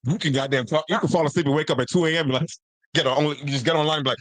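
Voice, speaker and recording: A man's voice: fairly high pitch, rapid-fire, dry recording. Storytelling man with dry close sound. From Nigeria and the US. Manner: animated storyteller, acts out quotes. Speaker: podcast host. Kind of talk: casual chat.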